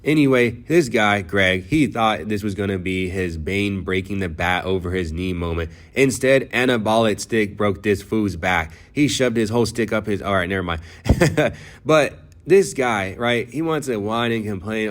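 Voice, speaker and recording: A man's voice: fairly low pitch, moderate pace. A man doing reaction commentary, mocking and sarcastic with crude jokes. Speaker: commentary YouTuber.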